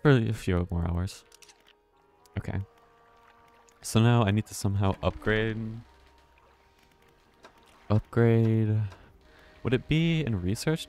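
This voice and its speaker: A man's voice: on the low side, creaky, darkish tone. A man thinking aloud and swearing casually while live-streaming a video game.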